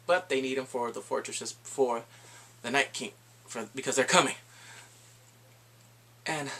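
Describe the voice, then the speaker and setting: A man giving an excited, casual recap of a TV episode, exclaiming and acting out his own reactions. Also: mid-range voice. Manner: animated, exclaims and acts out reactions. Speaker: TV episode reviewer.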